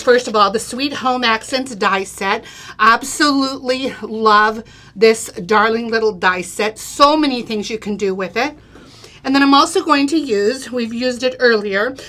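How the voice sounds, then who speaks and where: Demonstrating a craft product step by step on a live show, this middle-aged woman chats away and keeps asking "okay?" and "right?" Her voice is slightly high with a fairly bright tone.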